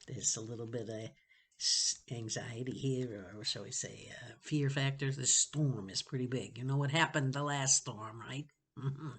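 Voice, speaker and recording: Bright expressive woman reading aloud. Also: rumbling low, measured pace, husky. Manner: expressive, stops to savor phrases. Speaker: reader for students. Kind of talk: reading a novel aloud with asides.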